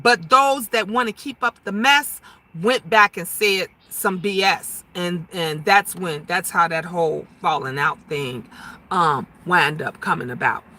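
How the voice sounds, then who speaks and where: A woman in her fifties talking loudly and emphatically on a casual livestream, chatting and answering viewer comments. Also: medium pitch. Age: 50s. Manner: loud, emphatic talker who gets louder when emotional.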